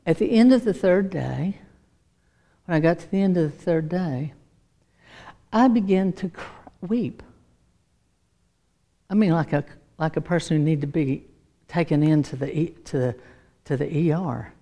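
Woman preacher, middle-aged, warm-toned storyteller, animated, laughs easily. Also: low-pitched, a little slow, pauses often. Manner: animated storytelling, acts out voices, laughs often. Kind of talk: sermon with personal testimony.

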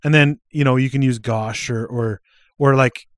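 Chatty podcast co-host, dry sound. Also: male voice, mid-range voice, fairly even intonation, normal speed, no echo. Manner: chatty, laughs often, gives advice. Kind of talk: casual chat.

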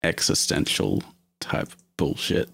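A man's voice: slow, fairly bright tone. A young man hosting a podcast, chatting in a laid-back way and swearing casually. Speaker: podcast host. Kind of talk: casual chat.

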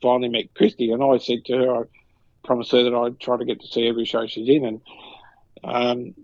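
A man's voice: mid-range voice, monotone, fairly quick, no echo, lo-fi sound. Man telling rambling stories. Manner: rambling anecdotes, acts out quoted voices. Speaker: guest. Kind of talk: casual storytelling chat.

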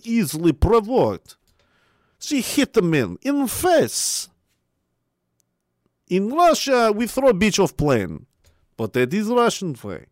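A man voicing a blunt Russian man who speaks slow, halting broken English in a mock accent. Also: high voice, no room sound, studio quality.

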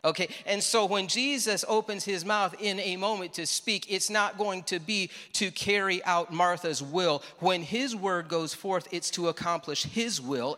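A man preaching a sermon as pastor, conversational, with dramatic pauses, acting out the lines of the people in the story. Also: high-pitched, pushed and bright. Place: church sanctuary. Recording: reverberant church hall.

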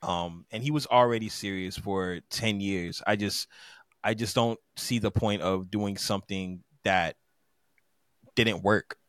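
Man, podcast co-host, lowish voice, exasperated, musing. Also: measured pace, no echo, studio quality. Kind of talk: casual podcast chat.

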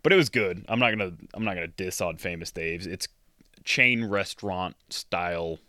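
A man's voice: sits low, expressive, moderate pace, sharp tone, no room sound, clean studio sound. A man co-hosting a podcast, rambling in laid-back, casual chat. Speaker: podcast co-host.

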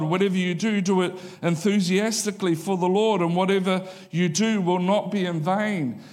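A man's voice: high-pitched, long reverb tail. A man preaching a sermon in a church, talking in a conversational, joking way and repeating his key lines. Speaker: pastor. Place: church auditorium.

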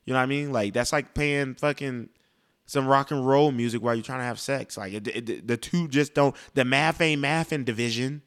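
A man's voice: mid-range voice, normal speed, fairly bright tone, clean tone. A young man giving a casual, blunt and profane rant about music, rambling with restarts. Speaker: music commentator.

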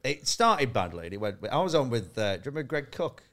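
A comedian chats on a podcast, his voice bouncing between high and low as he acts out people in his own stories. He swears freely, laughs through the tales and keeps a casual, pub-style rhythm. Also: big pitch swings, quick pace, fairly bright tone. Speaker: comedian guest. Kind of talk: casual podcast chat, telling stand-up stories.

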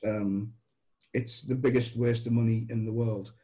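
A middle-aged British man tells a story in a relaxed, mellow voice. He rambles, starts over, and slips into the voices of the people he quotes. His pitch sits in a normal male range. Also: measured pace, low-quality recording. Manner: chatty, restarts, animated quoted dialogue. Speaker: guest telling stories. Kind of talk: casual anecdotal storytelling.

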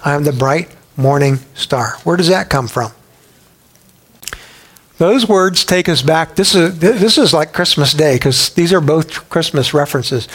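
Animated, higher-pitched male preacher. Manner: animated storytelling with acted voices; humorous, conversational. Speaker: pastor. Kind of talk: sermon.

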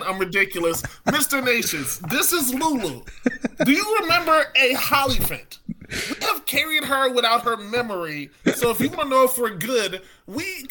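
High, sharp-toned male player, rambling and animated in-character pitch. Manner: rambling, animated, swears casually. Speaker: tabletop game player. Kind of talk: in-character pleading at a game table.

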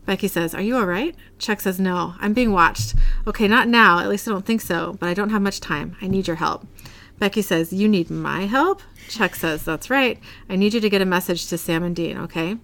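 A woman's voice: medium pitch, brisk, fairly bright tone. A woman co-hosting a podcast, retelling a TV episode scene by scene and quoting the characters' lines. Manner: reads scenes aloud, quoting lines in a lightly acted way. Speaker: podcast co-host recapping an episode.

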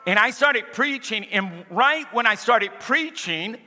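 A man with a high, very bright and forceful voice preaches a lively sermon. He repeats key lines and calls on the room to answer back. His voice rings out with a long reverb from a church hall. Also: unhurried. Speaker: pastor.

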